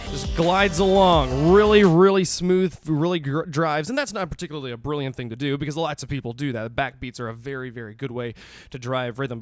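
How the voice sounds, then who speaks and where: A young man casually explaining music theory with enthusiasm, full of restarts, counting beats aloud. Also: mid-range voice. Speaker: music vlogger.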